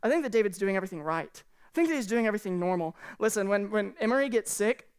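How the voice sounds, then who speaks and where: A woman's voice: medium pitch, expressive, fast talker, a little mellow, smooth. Woman pastor, sermon, candid, conversational, speaking from a stage. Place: church stage.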